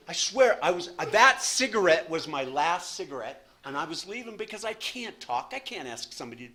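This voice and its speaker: A man in his sixties speaking at a recovery meeting from a podium, telling his story in an animated, self-deprecating way with lots of repetition. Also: high-pitched, normal speed, hardly any pauses. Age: 60s. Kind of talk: personal recovery story talk.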